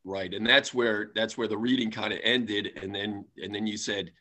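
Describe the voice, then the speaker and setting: A man's voice: on the low side, level tone, normal speed, bright, forceful tone. A man who is a guest on a podcast, speaking hesitantly and recounting past conversations step by step. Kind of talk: casual conversation.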